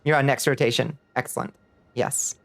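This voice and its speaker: A man streams a game live, chatting casually with his viewers in a playful way, greeting chat warmly and laughing often with a light lilt. His voice is medium-pitched and gravelly, with a steady tone and moderate pace. Faint music plays behind him, and there's a little hiss or hum on the recording.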